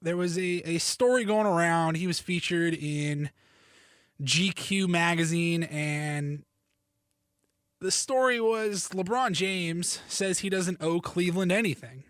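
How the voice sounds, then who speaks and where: A man's voice: high voice, takes it slowly, a bit bright, dry recording, clean studio sound. A young man hosting a sports podcast, chatty and self-deprecating. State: slightly hoarse, needs to cough. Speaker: podcast host. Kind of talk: casual sports podcast monologue.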